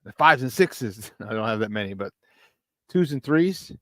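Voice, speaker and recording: A man hosting a casual sports talk show, hyped and shouting out viewers with frequent laughs. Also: fairly low pitch, lively intonation, moderate pace, dry recording.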